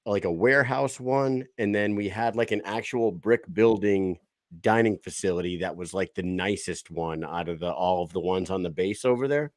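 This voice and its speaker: A man's voice: low-pitched, moderate pace, no room sound, studio quality. A middle-aged man co-hosting a podcast, chatting casually and swearing freely as he banters with a guest. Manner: profane, lively banter. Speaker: podcast co-host. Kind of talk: casual interview chat.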